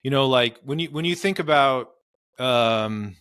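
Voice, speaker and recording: A man's voice: medium pitch, unhurried, fairly bright tone, clean tone, no echo, clean studio sound. A man, a marriage and family therapist, explaining in earnest conversational interview advice with frequent fillers. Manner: earnest, explanatory, many "you know" fillers.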